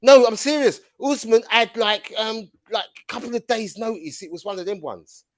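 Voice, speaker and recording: A young man, co-hosting a podcast in casual banter, animated and quick to interrupt and repeat himself. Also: high voice. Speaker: podcast co-host.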